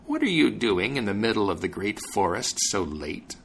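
A man voicing an angry old witch in a fairy tale, slow and scolding. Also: lowish voice, big pitch swings, husky, full character voice. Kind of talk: storybook reading.

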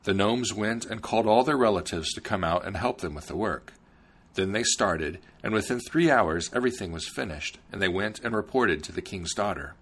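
A man narrating a fairy tale in an expressive storybook style. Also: on the low side, normal speed, slightly rough.

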